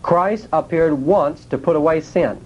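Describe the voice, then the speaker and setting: Speaking at a measured pace in a fairly high voice, a man delivers a sermon with homespun, grammatically loose speech. He keeps asking his audience rhetorical questions, and the recording sounds dull.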